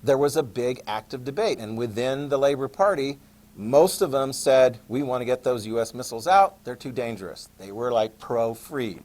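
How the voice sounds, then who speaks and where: An American man lecturing a class, telling a personal anecdote in a chatty, animated way and addressing the students directly. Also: medium pitch, moderate pace. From United States. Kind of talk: classroom storytelling.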